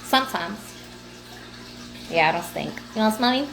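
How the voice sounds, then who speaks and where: A woman's voice: medium pitch, animated, moderate pace, a bit bright, slight background noise. A woman hosting a livestream in casual, profane, laughing talk aimed at her viewers. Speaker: livestream host.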